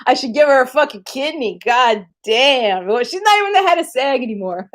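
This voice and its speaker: A woman streaming live in casual chat, telling rambling stories with lots of swearing and frequent laughter. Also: medium pitch. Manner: profane, laughs often; rambling animated storytelling.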